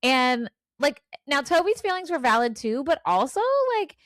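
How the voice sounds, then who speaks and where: A woman in her forties co-hosting a casual podcast chat, animated and acting out her own reactions as she talks. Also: high-pitched, moderate pace, no room sound, clean studio sound. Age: 40s. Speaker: podcast co-host.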